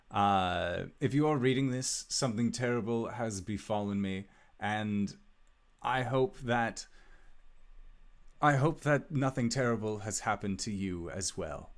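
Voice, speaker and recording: A man reading out a letter in the voice of a reserved male wizard, formal and heartfelt. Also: fairly low pitch. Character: aloof older male wizard, secretly tender.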